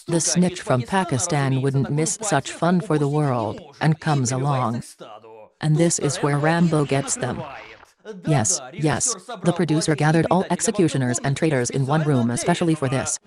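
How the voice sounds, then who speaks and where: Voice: medium pitch, normal speed, a crowd in the background. A film reviewer giving sarcastic, mocking scripted narration in slightly broken English.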